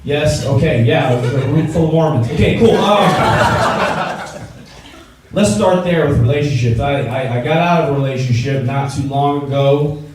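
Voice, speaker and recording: A man's voice: on the high side, normal speed, noisy background. A young man doing a stand-up comedy set, chatting loosely and joking with the audience. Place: event venue before a live audience. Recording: echoey room from far off, loud crowd.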